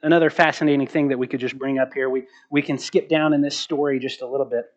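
A man preaching a sermon as pastor, slowing down to stress key words and asking rhetorical questions. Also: mid-range voice, fairly even intonation, dull audio. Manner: asks the congregation rhetorical questions.

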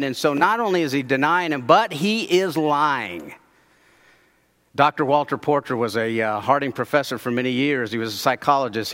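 Male preacher, slightly high voice, chatty sermon delivery, long hall reverb. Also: a bit bright. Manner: conversational storytelling, asks the audience questions.

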